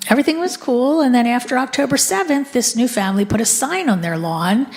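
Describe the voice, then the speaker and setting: Woman speaker in a reverberant hall. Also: medium pitch. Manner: conversational, engages the audience with questions. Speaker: guest speaker. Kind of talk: talk to a live audience. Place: synagogue hall. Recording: long hall reverb from a live room.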